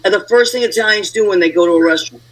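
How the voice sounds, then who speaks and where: Male host, excitable and chatty, high husky voice. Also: very fast, low-quality recording. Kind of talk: casual chat.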